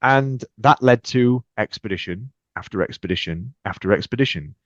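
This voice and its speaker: A British man with a very low voice recounts his own stories with energy, jumping into lively acted dialogue. The sound is dry and close, with a muffled, dull edge to the audio. He talks as a guest in a relaxed podcast conversation. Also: normal speed, no echo. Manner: energetic, acts out quoted exchanges with lively shifts. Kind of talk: animated storytelling in conversation.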